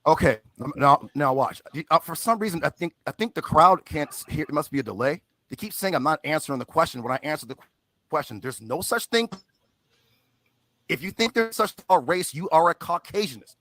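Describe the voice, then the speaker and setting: High jumpy voice, fast talking guy, cussing, dry close mic. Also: animated, sharp tone, no echo. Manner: exasperated, profane, quick. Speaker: debate participant. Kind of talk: heated livestream debate.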